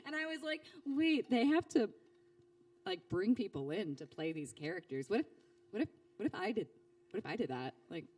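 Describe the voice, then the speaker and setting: Recorded from afar, a fast-talking woman in her thirties shares stories as a guest in a laid-back interview; she's a voice actor. Her delivery is lively, with frequent fillers and false starts, and she voices quoted lines with dramatic swings in pitch.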